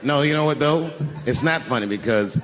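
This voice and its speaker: A man performing live stand-up, telling a story in a drawling, profane, conversational way with sudden high outbursts. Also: moderate pace, a bit bright. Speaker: stand-up comedian. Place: live comedy venue on stage. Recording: echoey hall with audience noise. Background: audience laughter.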